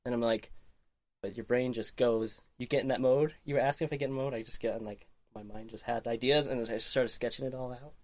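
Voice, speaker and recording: A woman hosting a casual podcast chat, relaxed and reflective, letting her sentences trail off loosely. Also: extremely low pitch, a little fast, no echo. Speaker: podcast host.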